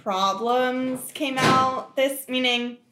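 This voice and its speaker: A woman's voice: high voice, slow pace, pushed and bright. Chatty woman co-host in an echoey room. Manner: chatty, lots of "like". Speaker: podcast co-host. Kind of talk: casual chat. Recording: roomy echo.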